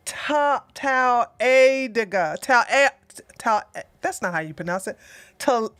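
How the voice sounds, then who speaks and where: A woman's voice: fairly high pitch, a bit bright, no echo. A woman hosting a livestream, talking in a casual rambling way and often laughing. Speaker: livestream news show host.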